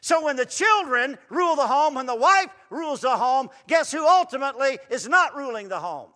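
Male preacher, folksy sermon, rising to loud emphatic runs, bright voice, long hall reverb. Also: extremely high pitch, animated, moderate pace.

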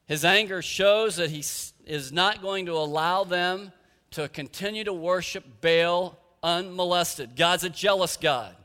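A man's voice: sits high, measured pace, bright, forceful tone. A man preaching a sermon as pastor, earnest and emphatic, with rhetorical questions, in a church sanctuary. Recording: echoey hall with long reverb.

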